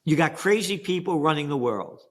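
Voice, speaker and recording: A man's voice: on the high side, animated, brisk. An older American man on an interview, emphatic and sarcastic, firing rhetorical questions. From United States. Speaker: interview guest. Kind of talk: animated interview talk.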